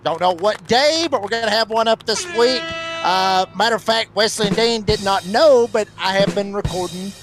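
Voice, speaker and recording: A man calling a sim truck race in an excited, drawling play-by-play. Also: high-pitched, moderate pace, music in the background. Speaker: race commentator. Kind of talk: sim racing broadcast commentary.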